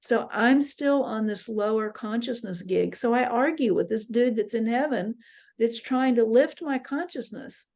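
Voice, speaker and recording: Gravelly-voiced woman telling dream stories. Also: on the high side, a little slow, a little mellow. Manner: earnest storytelling, quotes voices. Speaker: dream workshop leader. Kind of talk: teaching talk with retold dreams. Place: interfaith center workshop.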